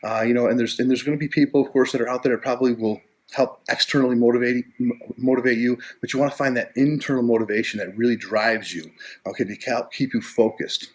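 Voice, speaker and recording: A man giving a motivational coaching talk, earnest and repetitive, ending almost every phrase with "okay?" and often clearing his throat. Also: mid-range voice, steady tone, fast. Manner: repetitive, earnest, with many restarts. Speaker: life coach.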